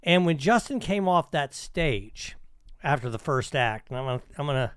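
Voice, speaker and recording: A man's voice: a little high, lively intonation, normal speed, smooth, no room sound, studio quality. A man hosting a casual podcast chat, talking in profane, rambling bursts with many restarts. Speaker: podcast host.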